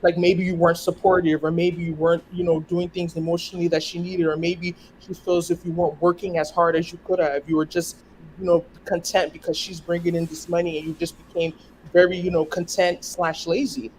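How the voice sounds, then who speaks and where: A speaker with an American accent, giving a thoughtful, measured opinion in casual discussion and restarting words while thinking. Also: male voice, on the high side, little pitch movement, slight background noise, rough recording.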